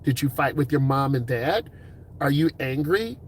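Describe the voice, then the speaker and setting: A man's voice: mid-range voice, lively intonation, slight background noise. A middle-aged man, a driving instructor, giving upbeat, encouraging advice in a casual talk. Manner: upbeat, encouraging, puts on quick voices for quoted people.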